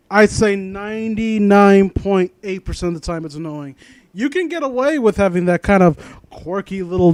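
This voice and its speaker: Male host, profane sarcastic reader, fairly high voice, dry close sound. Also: darkish tone, clean tone, no room sound. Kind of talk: mocking comedic reading of fan fiction.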